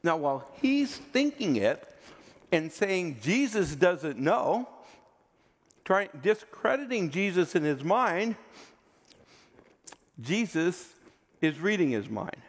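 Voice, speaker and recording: A male preacher delivering a sermon at a slow, deliberate pace, his pitch rising and falling with animated swings. His slightly high voice hangs in the long reverb of a hall. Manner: expressive, emphatic, often drops to a quiet intense tone.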